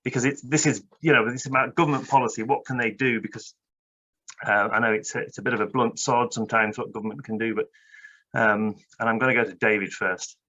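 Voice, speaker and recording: A man from Britain moderating a webinar panel, chatty and brisk with many fillers. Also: medium pitch, steady tone, sharp tone. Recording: dull lo-fi webinar audio.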